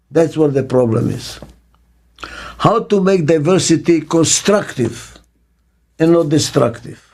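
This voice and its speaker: Speaking to camera, this older man, a business consultant, gives interview answers built from brief, forceful sentences and rhetorical questions. He has a slightly high, somewhat mellow voice.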